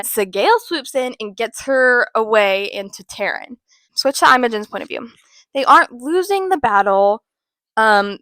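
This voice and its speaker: Chatty woman with a fairly high voice. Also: a bit bright, no echo. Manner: chatty, swears, fillers like "um" and "like". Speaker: book vlogger. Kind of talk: casual book recap.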